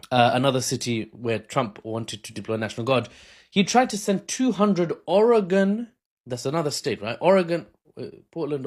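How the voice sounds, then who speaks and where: A man talking into his phone camera, casually explaining politics in an unscripted, self-mocking way with frequent laughs. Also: mid-range voice. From Britain. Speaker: political commentator.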